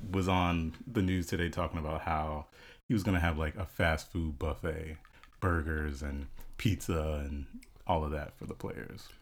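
A man with a very deep voice co-hosting a relaxed podcast chat. He talks in an easygoing way and laughs often. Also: moderate pace. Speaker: podcast co-host. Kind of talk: casual chat.

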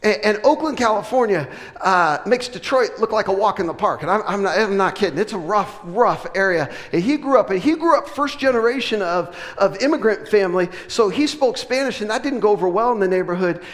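A middle-aged man preaching a sermon, telling a funny family story with laughs, then building to loud, emphatic preaching. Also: high voice, fairly quick. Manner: animated, joking, with laughs and sudden loud preaching. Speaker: pastor. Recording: long reverb of a large hall.

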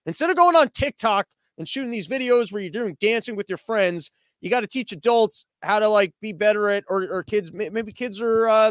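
High-voiced sarcastic ranting man. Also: expressive, normal speed, dry recording. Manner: sarcastic, swears a lot, exasperated rhetorical questions. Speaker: comedian hosting a news commentary show. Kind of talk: ranting comedic monologue. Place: living room.

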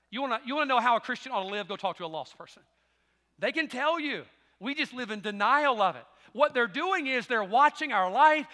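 A man's voice: high-pitched, sharp tone, in a large hall. A middle-aged man with a Southern American accent, preaching a sermon as pastor in folksy storytelling that rises to emphatic preaching. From Southern United States.

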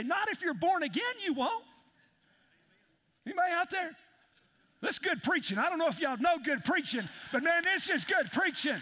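A man's voice: extremely high pitch, animated, brisk, long pauses, pushed and bright. A man preaching a sermon as pastor, emphatic and calling out to his congregation. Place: large church hall. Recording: long hall reverb in a church.

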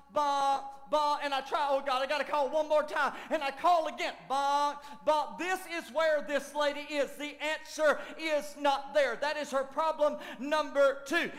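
Male pastor, very high voice, animated preaching from shouts to hushed lines, long hall echo. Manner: animated preaching, shouting at peaks and dropping to near whispers. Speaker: lead pastor. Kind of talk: sermon. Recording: long church hall reverb.

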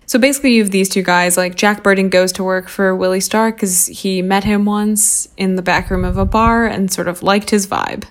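A woman's voice: medium pitch, moderate pace, few pauses. Young woman podcast cohost, rambly and casual, lots of "like". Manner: chatty, lots of "like", playful. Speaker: podcast co-host. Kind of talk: casual film-review chat.

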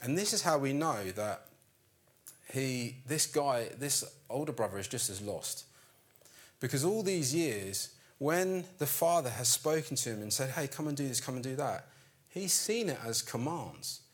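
A man preaching a sermon in an animated storytelling way, acting out the characters' lines. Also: medium pitch, a little slow, breathy edge.

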